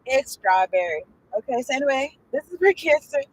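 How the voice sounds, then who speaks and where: A woman's voice: sits high, expressive, brisk, slight background noise, rough recording. Profane, loose-talking woman tarot reader. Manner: loose and profane, reads card text aloud then riffs on it. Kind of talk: casual livestream tarot reading.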